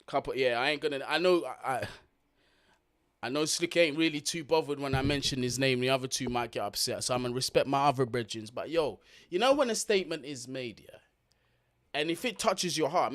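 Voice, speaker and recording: A man's voice: medium pitch, lively intonation, fairly quick. A man hosting a football watch-along, giving blunt, slangy live commentary, swearing freely and talking straight to his viewers.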